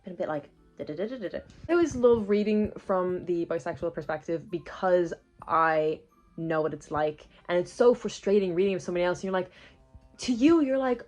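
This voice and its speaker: A woman's voice: on the low side, a little mellow. A young woman chatting casually on a reading vlog, rambling with lots of "like" fillers and restarts. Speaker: book vlogger. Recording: slightly dull lo-fi sound with faint music. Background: faint background music.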